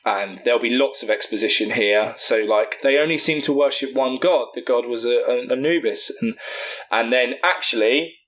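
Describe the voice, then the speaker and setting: Casting: a rambling, foul-mouthed, enthusiastic male podcast host, mid-pitched, storytelling casually. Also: normal speed, fairly bright tone.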